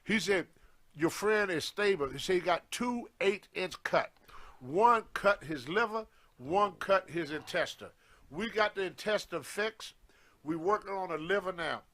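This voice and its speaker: Older man, high voice, animated storyteller who acts out the voices in his tale. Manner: animated anecdote, acting out quoted lines. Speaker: guest storyteller on a wrestling show. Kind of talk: casual storytelling.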